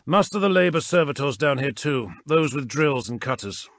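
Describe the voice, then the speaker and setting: A man voices a stern, commanding warrior, curt in manner, at a normal speed with lively intonation. The voice is on the high side, pitched above his own yet close to an everyday voice, in clean studio sound with no room sound.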